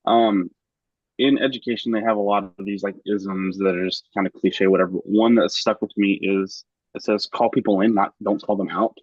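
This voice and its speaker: A man who works as a teacher, sharing an idea earnestly and quickly in a group chat. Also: on the low side, steady tone, no room sound, lo-fi sound. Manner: earnest, fast, ramps up as he talks. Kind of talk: casual chat.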